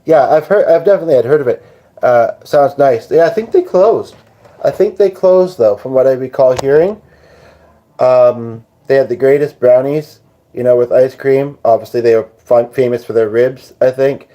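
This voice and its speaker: A man hosting a late live stream, tired and rambling as he answers viewers and cracks small jokes. His voice is mellow and dark. The sound is dull and lo-fi. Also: medium pitch, moderate pace. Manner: rambling, jokey, chatty with viewers. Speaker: livestream host. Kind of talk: casual live-stream chat reading comments.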